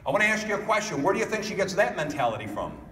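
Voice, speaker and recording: Speaking at a racing pace, a keynote speaker with a fairly high voice animatedly tells stories at a motivational talk and keeps addressing the crowd directly with questions. A distant mic in the large conference hall picks him up, leaving a long, echoey reverb tail.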